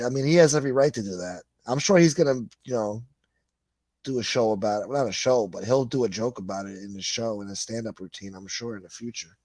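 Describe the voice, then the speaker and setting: A man's voice: fairly low pitch, fast, darkish tone, no echo. A middle-aged man, hosting a livestream and reading chat comments in a blunt, profane, rambling way. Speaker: livestream host.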